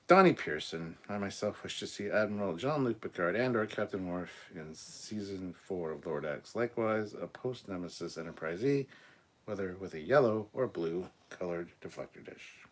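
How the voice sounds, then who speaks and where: Blunt, low-voiced man hosting a live chat. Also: lively intonation, normal speed. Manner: blunt and opinionated, swears casually; frequent stumbles and throat-clearing. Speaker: host of a live show. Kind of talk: casual live-stream chat, reading viewer comments aloud.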